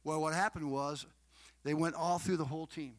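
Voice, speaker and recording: A man's voice: a little high, steady tone, moderate pace, no room sound. Fervent middle-aged man testifying. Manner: fervent, repeats phrases for emphasis, addresses listeners directly; swings from soft murmurs to loud proclamations. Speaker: guest sharing a personal testimony. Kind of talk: emotional storytelling testimony.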